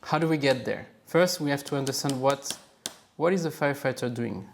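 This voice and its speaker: A man's voice: medium pitch, brisk, vocal fry, slight background noise. Upbeat French-accented man explaining casually. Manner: upbeat, chatty, laughs at himself. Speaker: supply chain educator. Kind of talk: casual explainer while drawing on a board.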